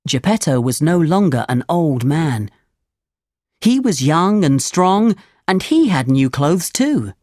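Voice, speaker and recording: A woman reading a children's storybook aloud, slow, clear and expressive. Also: low-pitched, no echo, clean studio sound.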